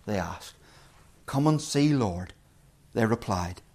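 A man preaching a sermon as pastor, earnest, dropping to hushed quotes and rising to emphatic peaks. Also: lowish voice, lively intonation, slow pace.

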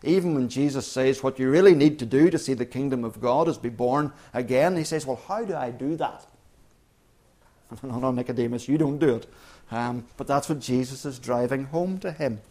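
In a medium-pitched voice at normal speed, a man gives an earnest, emphatic sermon. He frequently begins phrases again and hits key words with sudden bursts of loudness.

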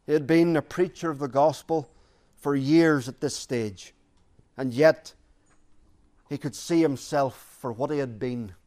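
A man preaching a sermon, earnest and deliberate, repeating key phrases for emphasis. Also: mid-range voice, a little mellow.

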